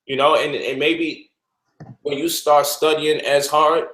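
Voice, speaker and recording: A man with a fairly high voice hosts a casual livestream talk. He lectures with animation and mocks his critics as he goes. The sound carries a roomy echo. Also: level tone, takes it slowly, a bit bright. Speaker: host.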